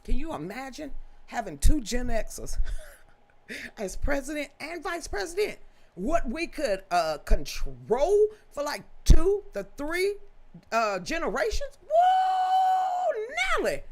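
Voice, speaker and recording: A woman's voice: sits high, unhurried. A woman, hosting a casual livestream news show, folksy and outspoken with frequent laughter. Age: 50s. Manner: animated, folksy, swears freely, laughs often.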